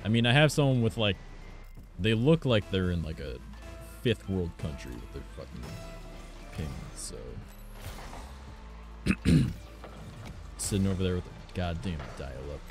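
A young man with a deep voice talks casually while he plays online, his pitch jumping widely as he reacts to the match. He swears freely and tells animated stories between plays. Faint background music runs under his voice. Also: a little slow, pauses often. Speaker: streamer. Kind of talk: casual gameplay chat.

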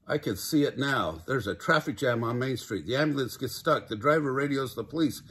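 A man's voice: medium pitch, animated, a little fast, a bit bright, slight background noise, lightly acted. An older man voicing an anxious walrus who rambles on about every possible disaster, read from a children's storybook. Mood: worked-up.

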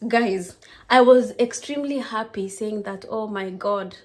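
A young Kenyan woman with a Kenyan accent, chatting to her viewers in a lively, casual vlog. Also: mid-range voice, unhurried. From Kenya, Kisii. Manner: lively, keeps addressing viewers as guys. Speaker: vlogger.

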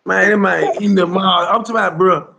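A man's voice: sits high, fairly even intonation, brisk, creaky, sharp tone, slight background noise. A man telling a rambling street story in casual slang, with lots of "bro" and "you hear me" along the way. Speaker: storyteller guest.

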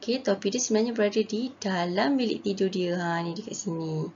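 A Malaysian woman teaching a primary school English lesson, slowly reading a story and translating each line, in a patient way. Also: mid-range voice, dull audio, slight background noise. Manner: slow, patient, translates each line and reads quotes brightly.

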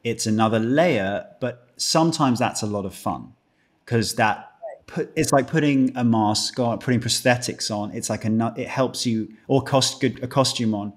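A man with a British accent talks in a voice of middling pitch for a man. He jokes dryly at his own expense and chuckles often, restarting sentences as he rambles. He is a podcast guest speaking from a room at home. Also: moderate pace. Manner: dry self-mocking joker, chuckles often. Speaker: guest actor. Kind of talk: casual podcast chat.

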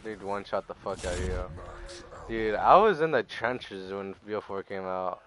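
A man's voice: deep voice, expressive, moderate pace, fairly bright tone, slight background noise. A young man streaming a game live, chatting loosely and swearing a lot as he talks to his viewers. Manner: profane, loose and jokey, talking to chat. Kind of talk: casual live-stream gaming chat.

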